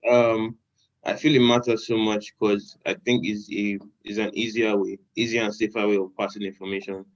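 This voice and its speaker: Very deep, flat-voiced man on dull audio. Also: normal speed. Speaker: musician guest. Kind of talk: casual interview answer.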